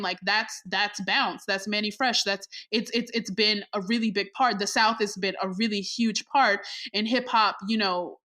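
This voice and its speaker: A woman co-hosting a casual podcast chat, excitable and quick to cheer. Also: medium pitch. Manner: excitable, shouts and laughs when hyped. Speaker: podcast co-host.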